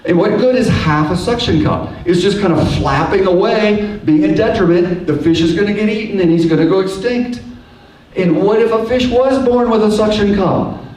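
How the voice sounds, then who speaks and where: A man giving a lively creation science lecture, telling stories and acting out little voices as he goes. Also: high voice, normal speed. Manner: animated storyteller who acts out little voices and hums tunes. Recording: echoey hall, voice from far off.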